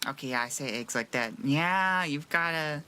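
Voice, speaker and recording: Seattle accent, casual gameplay chat, mid-pitched voice, chatty streamer. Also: fairly quick, sharp tone, slight background noise. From rural Washington. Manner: chatty, answers chat between game tasks. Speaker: gaming streamer.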